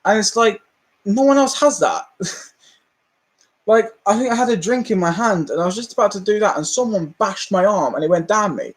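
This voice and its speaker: A man with a British accent and a notably high-pitched voice hosts a casual live stream. He rants in a chatty way, laughs often, and acts out the people in his stories. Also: moderate pace. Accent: British English.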